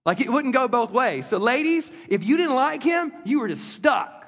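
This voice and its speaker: A man preaching a sermon to a congregation in a lively, conversational way. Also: extremely high pitch, normal speed. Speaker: pastor. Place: church sanctuary with congregation. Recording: long reverb of a large hall.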